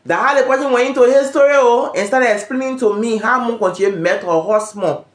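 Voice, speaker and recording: A woman's voice: fairly high pitch, a little fast, echoey room. A woman, hosting a casual gossip chat from home on her phone and telling the story with voiced quotes. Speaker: vlog host.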